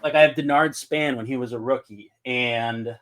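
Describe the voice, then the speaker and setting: A man's voice: mid-range voice, normal speed. A man, co-hosting a casual chat and telling stories that act out quotes. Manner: animated storyteller, acts out quotes. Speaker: podcast co-host.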